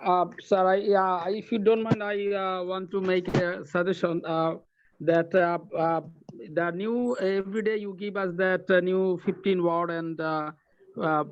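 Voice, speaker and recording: A male student hesitantly making a suggestion to his teacher in an online class, pausing with many fillers. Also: sits high, steady tone, dull audio, slight background noise. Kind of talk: classroom question over video call. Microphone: video call.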